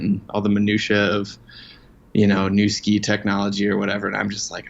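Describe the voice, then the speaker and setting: A low-voiced man with a gravelly, flat delivery, chatting loosely as an interview guest. He pokes fun at himself and rambles through plenty of "um"s and "you know"s. The recording is a bit dull and lo-fi. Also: fairly quick. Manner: self-deprecating, rambling with many fillers. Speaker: guest, outdoor writer. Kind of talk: casual conversational interview. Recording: dull lo-fi sound.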